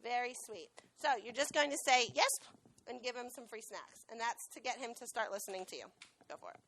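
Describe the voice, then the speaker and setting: A woman who trains dogs, giving a lively classroom talk and often asking the students questions. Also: fairly high pitch, brisk. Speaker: dog trainer and veterinary technician. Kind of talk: classroom talk with a live dog demo. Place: school classroom.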